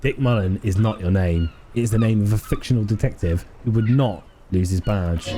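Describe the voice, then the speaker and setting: A man's voice: fairly low pitch, moderate pace, few pauses, dark tone, faint music behind. A man reading a video game aloud, narrating the scene and speaking the hero's lines hesitantly. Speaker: game streamer.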